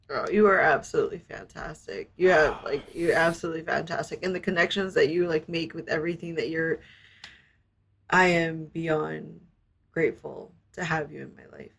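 Halting, grateful woman with a gravelly voice. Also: low-pitched, steady tone. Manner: halting, grateful, many restarts and fillers. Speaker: interview guest. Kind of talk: emotional interview conversation.

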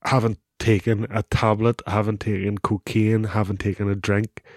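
A middle-aged man with a Northern Irish accent, telling a story casually as an interview guest, animated, with "bro" and "wee" and plenty of laughs. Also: fairly low pitch, moderate pace, dry recording, studio quality. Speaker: guest, former rugby player.

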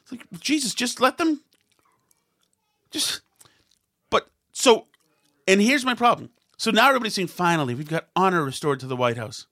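Rambling opinion-show commentator, sarcastic, bright tone. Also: medium pitch, normal speed, pauses often. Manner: rambling, sarcastic, mimics others in quotes; frequent restarts and asides.

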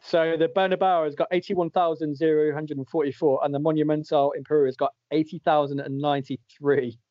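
A man's voice: a little high, flat delivery, a little fast, no room sound. A man hosting a casual podcast and running a quiz, joking and laughing often as he reads out the answers. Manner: jokey, laughs often while reading out answers. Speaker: podcast host and quizmaster. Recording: dull lo-fi dry audio.

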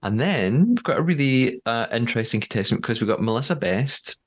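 A man's voice: medium pitch, expressive, fairly quick. A man hosting a podcast in casual chat, chatty with frequent fillers and easy laughter. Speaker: podcast host.

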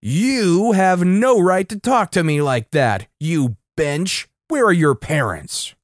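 A man voicing a rude, bossy entitled mother with a Southern accent who yells and shrieks. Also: takes it slowly, no room sound, clean studio sound. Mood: shrill, yelling. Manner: shrill and yelling.

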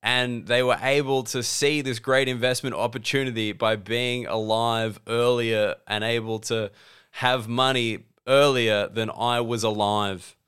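An Australian man in his thirties delivers a loose, sardonic comedy monologue. He acts out both sides of the exchanges he describes, with a very smooth, resonant voice at a middle pitch. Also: steady tone, measured pace, fairly bright tone. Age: 30s. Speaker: comedian and podcast host.

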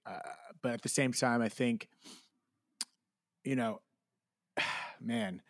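Podcast guest: thirties man from New Jersey, earnest and candid, mid-pitched voice, dry close sound. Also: takes it slowly, a bit bright, dry recording. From New Jersey, USA. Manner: candid and earnest, casual swearing. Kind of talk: reflective conversational interview.

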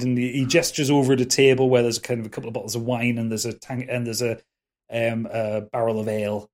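A man's voice: mid-range voice, level tone, darkish tone. A man narrating a tabletop game as game master, often restarting and stumbling over words. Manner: halting, many restarts and fillers.

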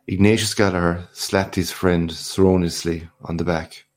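A man reading a short story aloud in measured scripted narration. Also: deep voice, little pitch movement. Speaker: reader.

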